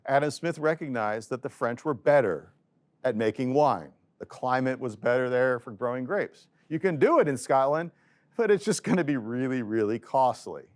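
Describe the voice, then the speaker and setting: A man giving an economics lecture in a relaxed, conversational way, voicing quoted people with a lifted pitch. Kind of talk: casual video lecture.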